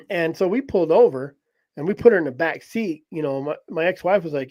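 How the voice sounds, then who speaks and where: A man's voice: on the high side, a little fast. A man telling a story in casual conversation, laughing often and acting out what people said. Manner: animated, laughs often, acts out voices in quotes. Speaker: podcast host telling a story.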